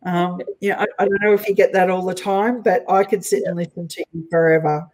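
A woman's voice: lowish voice, steady tone, fairly quick, darkish tone, poor audio. A woman with an Australian accent, hosting an interview in a chatty, playful way and laughing often. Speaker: host. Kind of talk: casual interview chat.

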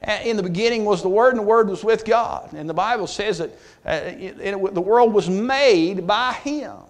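A man preaching a Bible study, his voice sitting high for a man. He talks in a folksy, plain way, doubling back on his words, then pushes harder as he lands his key points. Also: normal speed. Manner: folksy, repeats and restarts, rises in force on key points. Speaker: pastor.

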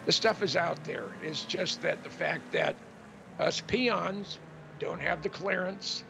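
A man's voice: sits high, slow, vocal fry. An older man as a guest on a radio talk show, speaking candidly and rambling a little, with chuckles between thoughts. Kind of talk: radio interview. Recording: noisy radio broadcast.

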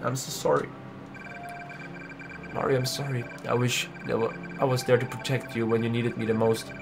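A man voicing a guilt-ridden, remorseful companion who speaks softly and pleads, reading game dialogue aloud. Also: mid-range voice, level tone, normal speed, vocal fry, background noise, pitched below the performer's own voice, natural voice. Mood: grieving. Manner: soft, pleading, downcast.

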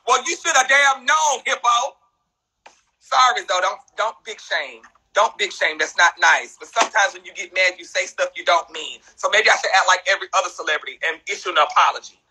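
A man's voice: sits high, bright, forceful tone, a little hiss or hum, rough recording. A man ranting bluntly and profanely on a phone livestream. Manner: blunt, profane, fast-talking rant. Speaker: social media personality.

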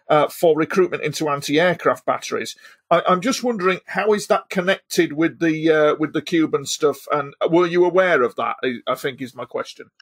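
Male host, courteous and hesitant, a bit high-voiced, asks long winding questions. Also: a bit bright, dry recording, studio quality. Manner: polite, hesitant, apologetic interruptions. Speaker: podcast host. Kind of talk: interview questions.

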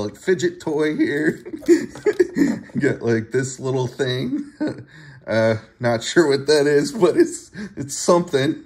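Giggly man who rambles through a toy show-and-tell, unhurried, with a bouncy pitch. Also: darkish tone. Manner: giggly, laughs often between phrases; halting, with many fillers and restarts. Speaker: vlogger showing his toy collection. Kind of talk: casual show-and-tell video.

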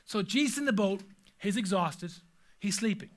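A man's voice: sits high, expressive, moderate pace, fairly bright tone. A man preaching a sermon as pastor, telling stories with humor and animation.

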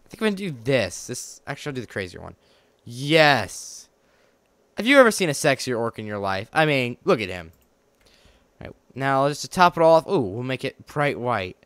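Animated man joking through a game. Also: mid-range voice, normal speed, smooth, no echo. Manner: excitable, joking, talks back to game characters. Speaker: gaming channel host. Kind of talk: let's play commentary.

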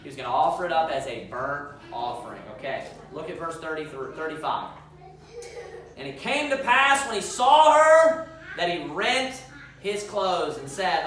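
Male pastor, emphatic sermon delivery with scripture reading, crisp bright tone, recorded from a distance in a reverberant sanctuary. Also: fairly high pitch, sing-song, normal speed. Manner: emphatic, quizzes the congregation with questions. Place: church sanctuary. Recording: echoey church hall, mic far off.

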